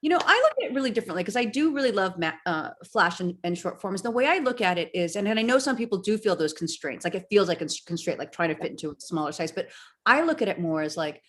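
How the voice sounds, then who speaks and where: A woman in her fifties from the United States, a guest author speaking in an earnest, reflective way and quick to laugh. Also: medium pitch, expressive. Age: 50s. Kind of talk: bookstore author conversation.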